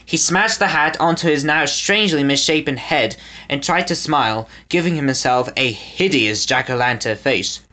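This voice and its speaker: A man reading a children's storybook aloud as the narrator, with an expressive delivery. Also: on the high side, normal speed. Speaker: audiobook reader.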